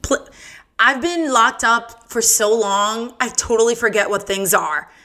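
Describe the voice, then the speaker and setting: A woman's voice: fairly high pitch, unhurried, sharp tone. A woman hosting her own podcast, telling bawdy jokes in a giggly, self-mocking casual chat. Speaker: podcast host.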